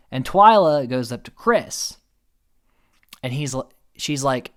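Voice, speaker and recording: A man chatting through a casual recap in a lively voice that rises and falls a lot. He talks in an animated, offhand way and breaks into laughs now and then. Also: mid-range voice, moderate pace. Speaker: show recap host.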